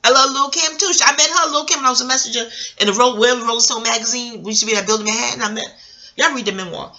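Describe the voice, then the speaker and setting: A middle-aged woman rants in a casual vlog, her voice bright and fairly high. She rambles from point to point, swears freely, and swings between loud outbursts and quiet asides. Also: racing. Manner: rambling, scattered and profane. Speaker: vlogger. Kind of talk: casual rant commentary.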